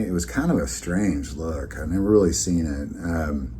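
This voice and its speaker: A man's voice: extremely low pitch, normal speed, warm tone, a little hiss or hum. A man hosting his own vlog, telling a story in a rambling, conversational way with many fillers and restarts. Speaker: channel host.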